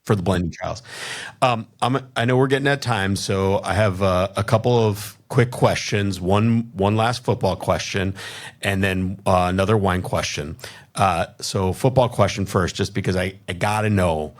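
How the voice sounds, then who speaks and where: A man hosting an interview, asking questions in a friendly, chatty way. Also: low-pitched. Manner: friendly, quick asides, chatty. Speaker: podcast host.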